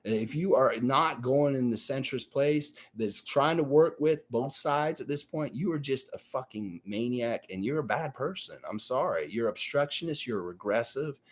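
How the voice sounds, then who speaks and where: A man's voice: medium pitch, lively intonation, normal speed, few pauses. A man with a Southern American accent, streaming live and reading chat comments aloud, ranting in a heated, blunt and profane way. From United States and Canada. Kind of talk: casual live-stream rant.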